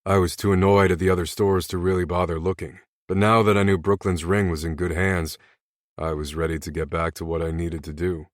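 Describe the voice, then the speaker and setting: A man narrating an audiobook in first person with a very low voice. His reading is steady and scripted, recorded close and dry. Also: brisk, no echo. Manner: first-person storytelling, evenly read.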